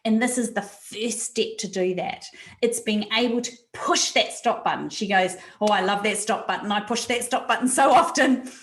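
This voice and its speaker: A woman's voice: medium pitch, moderate pace, fairly bright tone, reverberant, slight background noise. A woman presenting a resilience webinar over a video call, talking animatedly and repeating words for emphasis. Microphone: video call mic.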